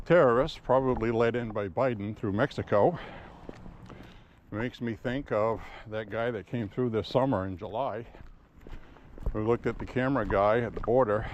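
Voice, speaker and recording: A man's voice: fairly low pitch, muffled recording, a little hiss or hum. A man talking in a loose, opinionated ramble while walking outdoors on town streets, recorded on a camera strapped to his chest. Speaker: walking vlogger. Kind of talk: casual walking monologue.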